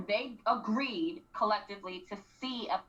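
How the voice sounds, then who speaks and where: A woman co-hosting a radio show, animatedly recapping a reality series and acting out quotes with frequent throat clearing. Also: medium pitch, normal speed, fairly bright tone. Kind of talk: casual recap chat. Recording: distant, dull lo-fi radio mic.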